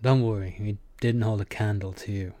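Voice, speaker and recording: A man's voice: lowish voice, steady tone, moderate pace, warm tone, no echo, close to an everyday voice. A man voicing a wry, direct young male student who boxes.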